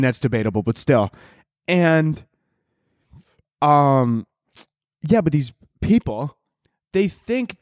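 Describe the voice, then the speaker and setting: Young guy in his 20s ranting on his podcast, swears constantly, laughs a lot, mid pitch, dry close sound. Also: a little mellow, no room sound. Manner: profane, rambling, laughs often. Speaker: podcast host. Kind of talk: casual comedic rant.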